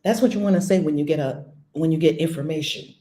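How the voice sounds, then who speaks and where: A woman giving a spiritual lesson as a teacher, blunt and animated, swearing casually. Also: deep voice, quick pace, a little hiss or hum. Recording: echoey room.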